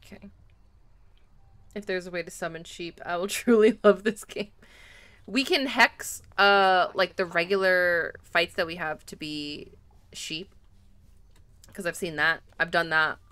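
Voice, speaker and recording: Bright, chatty woman streamer. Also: on the low side, measured pace, long pauses, clear, resonant tone, no room sound. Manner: chatty, giggly, excitable. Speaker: game streamer. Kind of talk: live gameplay commentary.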